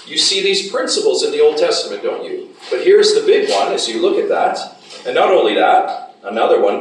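Fairly high-pitched and very animated, a man lectures a Bible class at a fairly quick clip, firing frequent questions at the group. He's captured from a distance in an echoey room with slight background noise.

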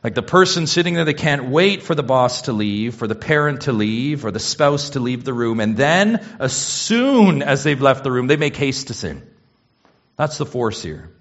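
A man preaching an expository sermon, asking rhetorical questions and swinging between hushed and forceful emphasis. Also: medium pitch, highs cut off. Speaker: pastor.

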